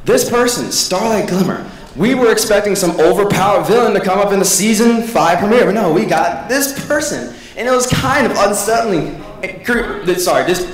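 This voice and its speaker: A man's voice: high voice, moderate pace. A man doing a casual stand-up comedy set at a convention, rambling and acting out quotes. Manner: rambling, restarts, acts out quotes. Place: convention hall. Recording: echoey hall, mic at a distance.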